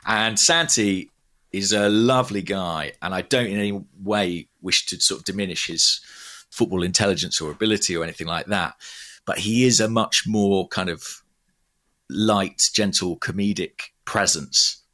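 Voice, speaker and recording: A man's voice: deep voice, moderate pace, sharp tone. A man in his thirties, from England, co-hosting a casual chat with emphatic, thinking-aloud talk. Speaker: podcast co-host.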